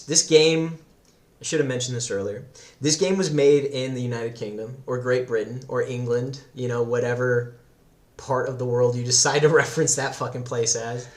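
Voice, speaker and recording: A man rambles through a casual podcast chat, cursing freely and laughing often. He sits at an ordinary pitch, and his voice rings out in a roomy, echoing space. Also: steady tone, normal speed. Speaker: podcast guest. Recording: roomy echo.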